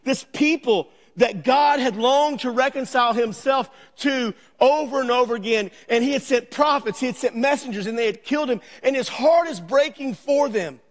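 High-pitched pastor guy preaching, earnest, repeats himself for emphasis, echoey church hall. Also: moderate pace, few pauses. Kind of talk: sermon.

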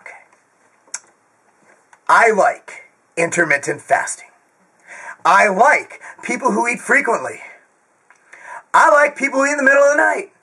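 Loud, screaming, profane fitness ranter. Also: male voice, very high voice, expressive, a little slow, long pauses, husky, low-quality recording. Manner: jokey, crude asides. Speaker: host of a fitness Q&A channel. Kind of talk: ranting direct-to-camera monologue.

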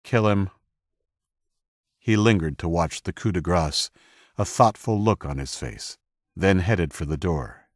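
Deep, slow dramatic male narrator. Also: lively intonation, no room sound, clean studio sound. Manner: measured, dramatic storytelling. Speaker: audiobook narrator. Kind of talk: scripted audiobook narration.

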